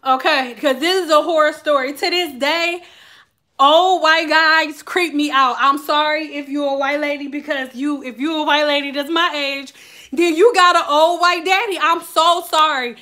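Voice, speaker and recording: A woman vlogger telling a story to her viewers in a candid, animated, profane way. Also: high-pitched, moderate pace. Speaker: vlogger and hair stylist. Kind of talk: casual storytelling to camera.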